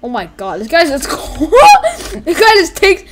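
Excitable woman gaming commentator. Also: extremely high pitch, slow, slight background noise. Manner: excitable, exclaims and giggles often. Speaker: gameplay commentator. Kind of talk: casual gameplay commentary.

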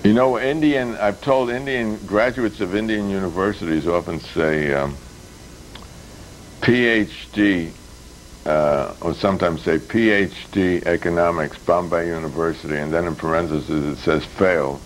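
Wry older New man with a very low voice. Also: a little slow, slight background noise, low-quality recording. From United States. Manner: wry, deadpan jokes with many fillers and restarts. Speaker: public access TV host. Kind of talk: casual rambling commentary.

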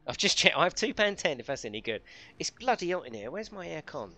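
A chatty man running a live game stream, his voice bright and forceful as he banters, swears lightly and laughs along. Faint music plays behind him. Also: fairly high pitch, very animated, fast. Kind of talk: casual live-stream chat.

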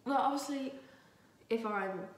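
Indoors in her home kitchen, a young Irish vlogger from Dublin, lightly accented, cooks while rambling casually, swearing plenty and teasing herself. She speaks at a measured pace in a fairly high voice, slightly off-mic, with kitchen echo and a little hiss or hum.

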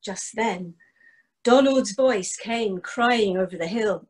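Woman telling folk tales; unhurried, husky, measured rhythm. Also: medium pitch, low-quality recording. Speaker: storyteller. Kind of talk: traditional folk storytelling.

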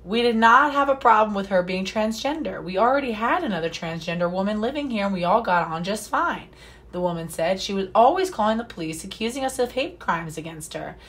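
A woman's voice: medium pitch, lively intonation, fairly quick, fairly bright tone. A woman reading a news story aloud and breaking off into sarcastic, profane, indignant asides. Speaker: commentary vlogger.

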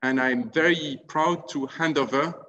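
A man's voice: fairly high pitch, measured pace, pushed and bright, in a large hall, muffled recording. A man with a French accent giving a formal announcement at an online event, earnestly repeating his appeals and thanks. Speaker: webinar presenter announcing an alumni fund.

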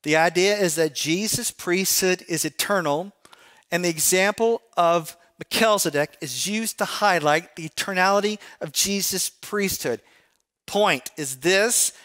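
Middle-aged male pastor, slightly high voice, chatty sermon delivery, keeps checking in with the congregation. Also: fairly bright tone. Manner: conversational preaching with frequent rhetorical questions to the congregation. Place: church sanctuary.

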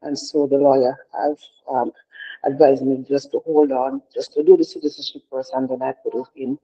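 A woman's voice: very deep voice, fairly even intonation, normal speed, mellow, breathy edge. A middle-aged woman leading a prayer devotion in an earnest, heartfelt way, often repeating herself and restarting. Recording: dull lo-fi sound.

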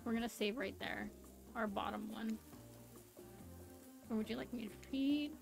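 A woman streamer commentating her own gameplay, excitable and panicky, laughing often. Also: a little high, moderate pace, gravelly, soft background music. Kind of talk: live game commentary.

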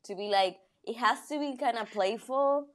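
A woman's voice: a little high, moderate pace, a bit bright. A woman comedian who is a guest on a podcast, chatting casually, laughing often and searching for her words. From Argentina. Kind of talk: casual chat.

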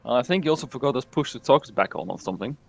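Fast-talking man on gaming chat. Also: mid-range voice, lively intonation, vocal fry, soft background music, rough recording. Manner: quick, offhand game callouts. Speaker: teammate on voice chat. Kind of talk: casual chat while gaming.

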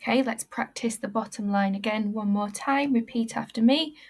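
A woman teacher giving a recorded language lesson, modelling words slowly and clearly for pupils to repeat. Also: on the high side.

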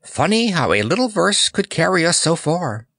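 A man voicing a polite, nervous male clown in a lion disguise, speaking in a slightly shaky, hurried way. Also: a little high, very animated, creaky, a bit bright, no room sound, studio quality, pitched above the performer's own voice, full character voice. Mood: uneasy.

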